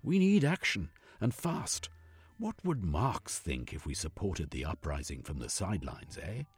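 Brief: impatient young revolutionary, pressing and forceful, low husky voice, a man reading the part. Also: sing-song, measured pace, full character voice. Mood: urgent.

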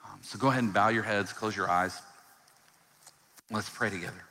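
A man with a lowish voice preaches to a church congregation, earnest and personal. He drops to hushed, slow phrases, then builds to loud, emphatic lines. The sound carries a long hall reverb. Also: slight background noise. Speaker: pastor. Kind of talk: sermon.

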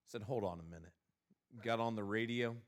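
A male pastor telling a funny personal story, then preaching a sermon with a lively, exasperated manner. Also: fairly low pitch, a little fast.

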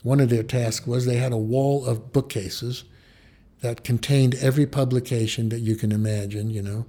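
An older man from the Bronx, a photographer, telling a personal anecdote with halting restarts and acted-out quoted voices. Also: medium pitch, steady tone, mellow. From New York, Bronx.

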